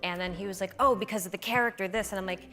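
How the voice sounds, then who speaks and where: A woman guest on a talk show telling an animated story, acting out other people's lines and laughing often as she goes. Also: medium pitch, very fast. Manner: acts out other people's lines in funny voices. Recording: music playing underneath.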